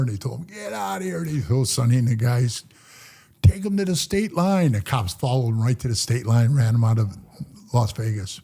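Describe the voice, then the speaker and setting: Husky older man with a mellow, rough tone. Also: medium pitch. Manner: rough, profane, acts out the people in his stories. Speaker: podcast guest, former motorcycle club president. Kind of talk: casual storytelling interview.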